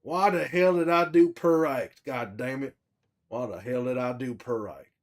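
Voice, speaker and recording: While commenting on his game, a man plays a grizzled, middle-aged survivor who is protective and hot-tempered, swearing heavily and scolding himself with a bitter, remorseful edge. His medium-pitched voice moves at a moderate pace and stays close to an everyday tone.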